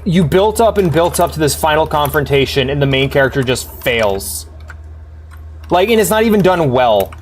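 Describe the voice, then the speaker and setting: A slightly high male voice, with a little hiss or hum behind it. While live-streaming a game, he rants at viewers in profane exasperation, his speech full of stammered restarts.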